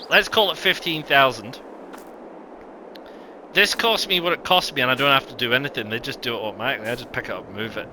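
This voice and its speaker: A man's voice: mid-range voice, bright, forceful tone, a little hiss or hum, low-quality recording. A man giving casual, rambling gameplay commentary, with lots of ums and self-corrections. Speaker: gaming video host.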